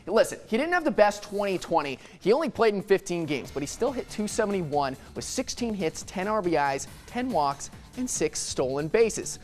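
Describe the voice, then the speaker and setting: A young man co-hosting a sports debate show, playful and quick to joke while making his case. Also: sits high, faint music behind. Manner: animated, playful, laughs and jokes.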